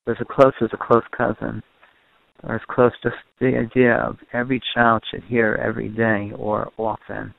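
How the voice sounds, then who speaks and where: A man's voice: fairly low pitch, flat delivery, moderate pace, vocal fry, phone-quality sound. A man giving a recorded lecture to a group on family and parenting, repeating and rephrasing his points for emphasis.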